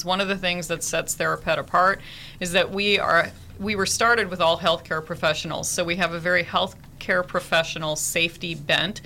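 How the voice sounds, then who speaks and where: A woman with a bright, forceful voice sits for a radio interview. She is a nurse who works with therapy dogs, and she tells her stories earnestly and vividly. Her voice is pitched a little low. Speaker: nurse and therapy dog handler.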